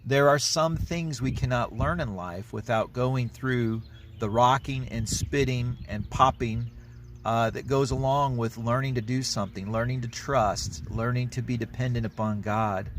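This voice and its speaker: A man's voice: medium pitch, unhurried, slight background noise. A man in his forties, a pastor, giving a devotional talk that starts from a story about his daughter, reflective and plain-spoken.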